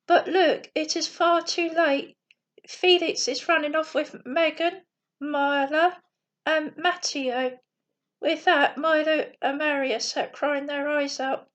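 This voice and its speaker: A woman reading a bedtime story aloud slowly and carefully, with small slips. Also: high-pitched, dull audio.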